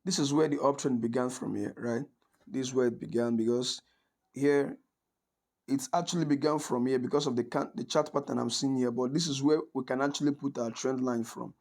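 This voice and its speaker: Gravelly man teaching trading over his screen. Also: mid-range voice, steady tone, brisk, darkish tone. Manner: conversational, checks in with frequent "right?"; restarts and corrects himself often. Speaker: forex trading instructor. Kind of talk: screen-recorded trading tutorial.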